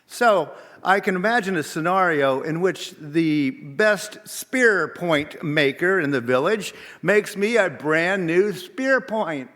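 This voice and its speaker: Slow, deliberate man preaching in reverb. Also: a little high, fairly bright tone. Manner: measured, deliberate, rhetorical questions. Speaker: minister. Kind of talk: sermon. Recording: long reverb of a large hall.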